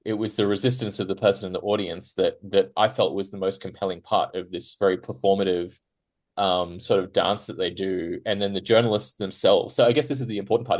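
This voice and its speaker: Man, panel guest, lowish voice, casual rambling talk, many fillers and tag questions. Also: fairly quick. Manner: rambling, frequent "right?" tags and fillers; animated, laughs while talking. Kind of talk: conversational panel answer.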